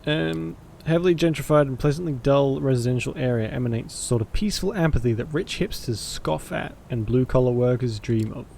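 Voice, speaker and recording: A man narrating a visual novel aloud in a measured, theatrical way. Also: mid-range voice, vocal fry, warm tone, slight background noise. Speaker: streamer and voice actor.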